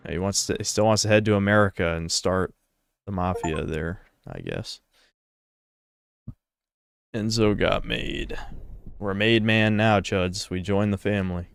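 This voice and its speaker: A man's voice: fairly low pitch, steady tone, a little slow, creaky, long pauses, clear, resonant tone. A young man streaming a game, rambling with crude, opinionated commentary. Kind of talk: casual gameplay commentary.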